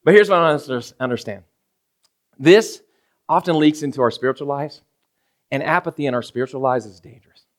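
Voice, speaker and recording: A brisk, mid-range male voice broken by long pauses carries this casual sermon. The pastor keeps asking the congregation "right?" and acts out everyday scenes using quoted voices.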